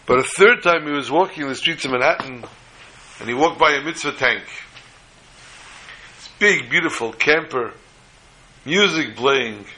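A man telling a story in a religious talk, in an animated, halting delivery with frequent restarts. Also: mid-range voice, breathy edge, rough recording.

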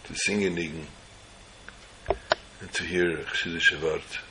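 Deep-voiced man telling a religious story. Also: fairly even intonation, heavy background noise. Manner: slow, measured phrasing in short phrases.

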